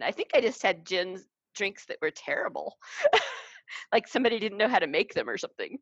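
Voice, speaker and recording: Lively, laughing woman podcast co-host. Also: medium pitch, a little fast, no echo, dull audio. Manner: laughing, playful. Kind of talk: casual chat.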